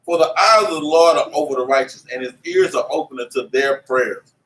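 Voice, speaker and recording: A man teaching a religious class in an animated, preachy way, with lots of slang and repeated "man". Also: mid-range voice, brisk. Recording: echoey room, mic at a distance, faint noise.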